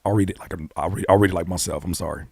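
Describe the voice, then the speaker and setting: A man hosting his own channel, giving blunt, animated hip-hop commentary full of rhetorical questions and casual swearing. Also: low-pitched, very fast, creaky, husky. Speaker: YouTube host and rapper. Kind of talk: opinionated music commentary.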